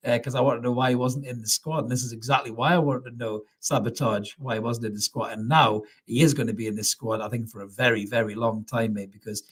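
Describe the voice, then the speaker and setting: A man's voice: medium pitch, steady tone, fast, hardly any pauses, slightly rough. A Geordie man hosting a live post-match reaction stream from home, reading viewer comments, swearing freely and repeating himself. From North East England. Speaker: fan channel host reading comments. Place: at home, indoors.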